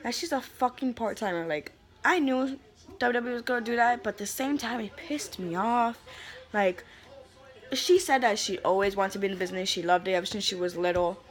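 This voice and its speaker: A woman's voice: medium pitch, fairly quick. A young woman delivering a heated, profane rant as a vlogger, sassy and fired up, calling people honey. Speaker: vlogger ranting about wrestling.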